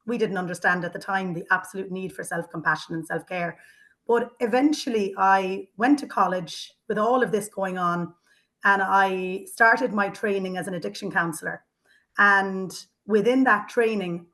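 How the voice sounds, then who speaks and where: Middle-aged Irish woman, housing manager, earnest personal reflection, mid-pitched, a few fillers. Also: fairly bright tone. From Ireland. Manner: earnest, heartfelt, with fillers and restarts.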